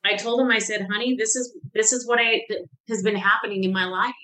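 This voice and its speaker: A woman's voice: a little high, fairly even intonation, fairly quick, sharp tone, rough recording. A middle-aged woman on a podcast, telling her recovery story in a heartfelt, candid way and acting out the voices she quotes. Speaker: podcast guest. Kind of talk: candid conversation about recovery.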